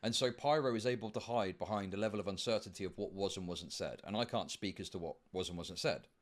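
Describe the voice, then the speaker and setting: A man in a played debate clip, making his case in a measured, hesitant way with restarts. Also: low voice. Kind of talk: debate discussion.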